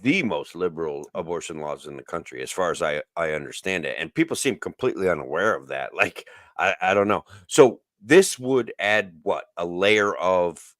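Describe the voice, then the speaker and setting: A man trades sarcastic jokes in a podcast chat. His pitch swings freely as he talks. The sound is dry, with no room behind it. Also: normal speed, no echo. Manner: sarcastic, joking, lively delivery. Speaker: co-host. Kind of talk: casual political discussion.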